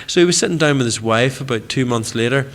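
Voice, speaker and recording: A man's voice: medium pitch, fast. A young man with a Northern Irish accent, a guest telling funny stories in a casual chat and laughing as he goes. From Northern Ireland. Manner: chatty, jokey, laughs through stories. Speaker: TV presenter, radio guest. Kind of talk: casual chat, anecdotal storytelling.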